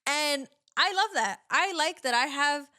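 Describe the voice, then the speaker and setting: A woman's voice: high-pitched, lively intonation, measured pace, bright, forceful tone, no room sound, clean studio sound. A young woman hosting her own podcast, giving candid relationship advice in a chatty, casual way full of "like" fillers. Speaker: podcast host. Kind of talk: casual solo podcast chat.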